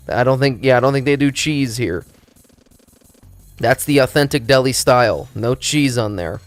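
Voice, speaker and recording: Animated, high-pitched man rambling profanely. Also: no room sound. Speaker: streamer. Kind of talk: casual stream chat.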